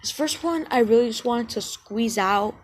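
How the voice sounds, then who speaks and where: A woman's voice: a little high, normal speed, a little hiss or hum. A woman in a casual vlog, rambling and self-deprecating, full of ums and side-tracks, talking into a cheap headset mic. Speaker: channel owner.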